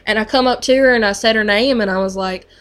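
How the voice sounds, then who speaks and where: A woman's voice: on the high side, fast, fairly bright tone. A woman who works on a mental health unit tells a story in casual conversation, chatty and full of fillers.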